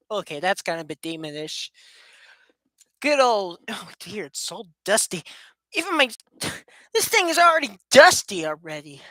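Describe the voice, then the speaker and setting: Woman vlogger, goofy rambling home chat to webcam, bright, dry sound. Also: mid-range voice, big pitch swings, a little slow, dry recording. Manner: playful, rambling, laughs often, jokes sarcastically. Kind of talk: casual chat to camera. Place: room at home with a fast fan running.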